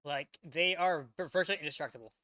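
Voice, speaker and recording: A man casually reacting to a video, rambling and excitable as he talks. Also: a little high, fast, no echo. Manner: rambling, excitable, many restarts. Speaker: reaction channel host.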